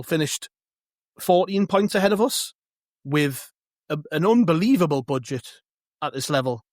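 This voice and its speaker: A man on a casual football podcast argues his point with growing energy, restarting phrases as he builds. His voice sits slightly high and sounds dry and close. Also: no echo. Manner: animated, argumentative, restarts phrases. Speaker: podcast co-host.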